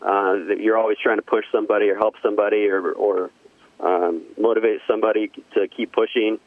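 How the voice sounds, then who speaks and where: A man's voice: fairly low pitch, flat delivery, brisk, no echo. Male guest, easygoing, phone-call sound, dry. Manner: easygoing, hesitant, many fillers. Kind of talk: casual chat. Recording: dry tinny phone line.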